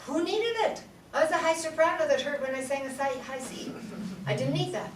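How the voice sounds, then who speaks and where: A high-pitched woman speaking fairly quickly is captured by a distant mic as she teaches a singing workshop to a live audience in a large room. She laughs often, keeps things playful, and demonstrates vowels in song, amid echo and audible room noise.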